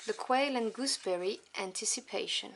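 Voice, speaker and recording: A woman whose first language is French, reviewing tarot cards one by one. She lists each card softly and without hurry, adding fond little asides. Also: medium pitch, noisy background. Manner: soft, unhurried listing with fond asides.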